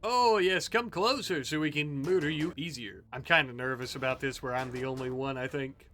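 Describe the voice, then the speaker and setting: A man giving casual let's-play commentary, reacting loudly to the game and cursing at enemies. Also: mid-range voice, normal speed, faint music behind. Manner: animated, swears and yells at the game. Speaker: gaming YouTuber.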